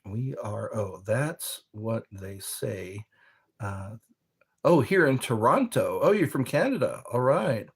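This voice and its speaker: A man from the United States, a bit tipsy from wine, casually chatting on a live stream and reading viewer comments aloud in a slow, rambling way. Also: medium pitch, expressive, slightly rough. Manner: slow, rambling, reads chat messages aloud.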